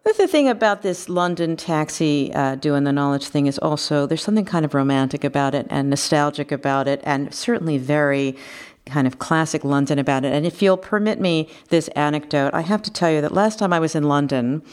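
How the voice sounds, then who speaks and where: Female design co-host, deep voice, well-spoken and slightly formal. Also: brisk, darkish tone. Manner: articulate, slightly formal phrasing. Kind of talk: casual conversation.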